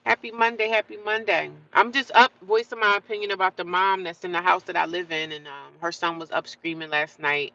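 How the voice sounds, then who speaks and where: A woman's voice: fairly low pitch, bright, forceful tone, highs cut off. A woman hosting a casual livestream, talking straight to her viewers, greeting them by name and often repeating herself as she goes. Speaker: livestream host.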